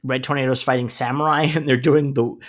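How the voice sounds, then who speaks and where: A man's voice: mid-range voice, fairly even intonation, a little fast. A man co-hosting a casual podcast, recapping a cartoon episode in a rambling way, with many fillers and the odd swear word. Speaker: podcast co-host.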